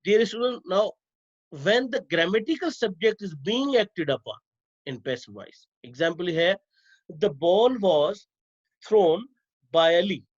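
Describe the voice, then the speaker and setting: Guy teacher going over grammar slides, slow and repetitive, high voice, kinda dull audio. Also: animated. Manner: slow, repetitive explaining to students.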